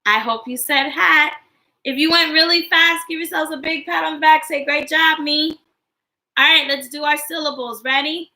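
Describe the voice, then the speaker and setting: Sing-song teacher woman, high and bright. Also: fairly even intonation, low-quality recording. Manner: slow, sing-song, encouraging teacher talk to young children. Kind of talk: classroom lesson livestream.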